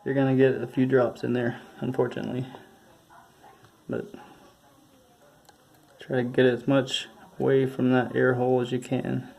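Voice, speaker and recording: A man giving a casual hands-on tutorial, talking in a halting, mumbling way as he works, recorded on a phone. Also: medium pitch, completely flat delivery, creaky, a little mellow. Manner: mumbling, halting, thinking aloud. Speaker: tutorial presenter. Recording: faint background noise from phone recording.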